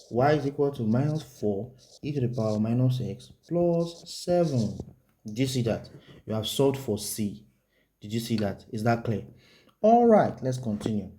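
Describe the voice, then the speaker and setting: A man's voice: mid-range voice, warm tone. A man teaching a maths lesson, repeating key phrases and asking the viewer whether they follow while he writes out steps. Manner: repetitive, asks the viewer rhetorical check questions; writes on the board while explaining. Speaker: maths tutor.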